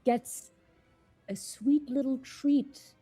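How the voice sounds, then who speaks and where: Kind male hero, soft and sincere, voiced near her own tone by a woman player, light music behind. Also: sits high, very slow, breathy edge, voice pushed up, exaggerated voice. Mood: coaxing. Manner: soft, earnest, reassuring. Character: earnest young male adventurer, kind to kids.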